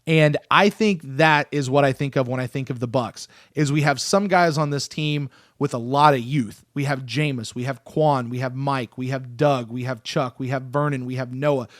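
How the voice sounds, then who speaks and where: A man in his thirties hosting a casual sports podcast, excitable and animated, often restarting his sentences. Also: medium pitch, normal speed, few pauses, no room sound, clean studio sound. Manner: excitable, animated, self-interrupting. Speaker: podcast host.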